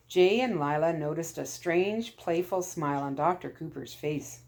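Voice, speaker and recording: Calm woman reading a storybook aloud. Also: fairly low pitch, unhurried.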